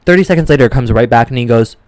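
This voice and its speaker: A man's voice: medium pitch, very fast, dry recording. Chatty young man, dry sound. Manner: chatty, full of "like", animated quoted voices. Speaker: podcast co-host. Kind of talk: casual storytelling chat.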